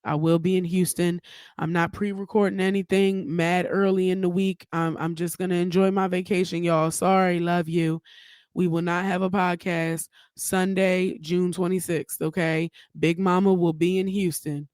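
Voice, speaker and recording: A woman's voice: on the low side, level tone, moderate pace, darkish tone, no room sound, studio quality. A woman hosting her own podcast, giving blunt, profane, chatty commentary in a casual solo talk. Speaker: podcast host.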